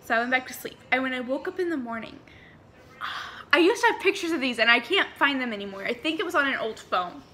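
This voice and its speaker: A woman's voice: high-pitched, expressive, fast talker, pushed and bright, slight background noise. A young woman chatting through a paranormal storytime vlog, rambling and full of fillers. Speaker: vlogger.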